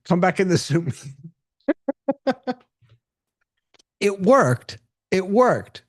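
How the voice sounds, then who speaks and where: A man hosting a casual video call, excitable, laughing often and restarting his sentences. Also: high-pitched, extremely slow. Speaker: host of a video-call tech meetup. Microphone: computer mic on a video call.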